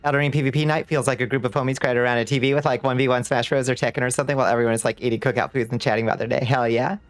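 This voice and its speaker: A man streams a game live, playfully chatting with viewers, greeting them warmly and laughing often, with a light lilt. He talks at a racing pace in a medium-pitched, steady tone. Faint music runs behind him.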